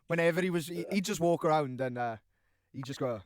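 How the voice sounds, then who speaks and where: Man, slightly high voice, dry close sound, teasing banter, casual podcast chat. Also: fairly quick, no room sound. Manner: teasing, swearing. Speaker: podcast co-host.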